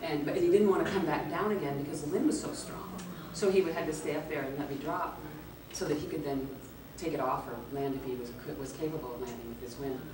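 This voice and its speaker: A woman guest at a convention Q&A, telling a lively anecdote, acting out the quotes and laughing often. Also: low-pitched, fast talker, hardly any pauses. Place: large echoey convention hall. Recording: echoey hall, distant mic, background noise.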